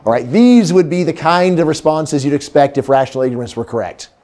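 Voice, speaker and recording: A middle-aged man lectures on economics with a slightly high voice in a lecture hall. He is animated and humorous and acts out little quotes. Now and then he drops to a near hush. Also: fairly quick. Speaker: economics professor giving a lecture. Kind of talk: lively university lecture.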